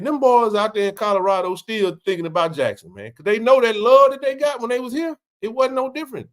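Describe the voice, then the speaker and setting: Male host of a live sports chat, from the American South; emphatic, slangy, animated delivery. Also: very high-pitched, brisk, few pauses. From Mississippi. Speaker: show host.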